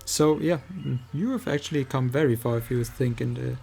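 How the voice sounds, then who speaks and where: A man with a German accent, a native German speaker, chatting casually with his audience while gaming and pausing often to search for words. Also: medium pitch, creaky, darkish tone, a little hiss or hum. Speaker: streamer.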